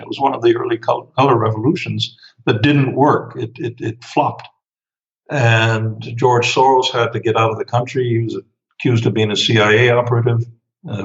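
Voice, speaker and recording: A man answering interview questions at length, pausing often with fillers and restarts. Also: medium pitch, highs cut off. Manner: hesitant, many fillers and restarts. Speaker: interview guest, author.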